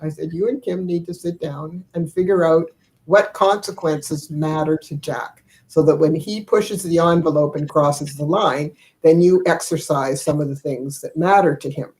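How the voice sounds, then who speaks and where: A woman's voice: deep voice, moderate pace, a little mellow, poor audio. An older woman chatting casually over a video call, telling family stories in a rambling, chuckling way with many fillers. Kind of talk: casual storytelling chat.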